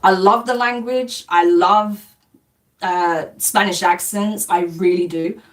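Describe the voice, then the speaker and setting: Blunt woman live-streamer, lowish voice. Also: fairly even intonation, takes it slowly. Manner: blunt and dismissive, swears casually, laughs often. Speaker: spiritual reader hosting a live stream. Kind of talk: casual live-stream chat answering comments. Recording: distant mic with faint background noise.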